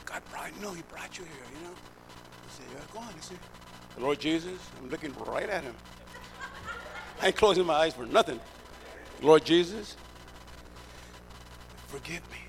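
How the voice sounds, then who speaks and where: High-pitched middle-aged male preacher, emphatic testimony, steady hum behind him. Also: brisk, pauses often. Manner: emphatic storyteller, acts out dialogue. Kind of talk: sermon testimony. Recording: clear background hum.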